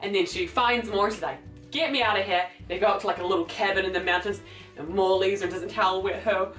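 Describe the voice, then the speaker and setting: A woman's voice: medium pitch, a little fast. Rambling young woman in an echoey room. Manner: rambling, filler-heavy, animated retelling with quoted voices. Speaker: book vlogger. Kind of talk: casual book review chat. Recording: roomy echo, voice a little far from the mic, faint music.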